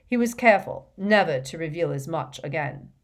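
A woman's voice: deep voice, animated, normal speed. Woman voicing a grave old headmaster. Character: wise old male headmaster, calm and grave.

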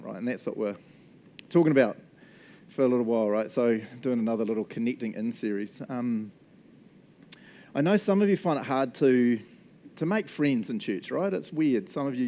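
A New Zealand man preaching a chatty, joking sermon to a church, with an animated delivery. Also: medium pitch. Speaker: pastor. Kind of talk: lively sermon. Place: church hall. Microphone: handheld microphone.

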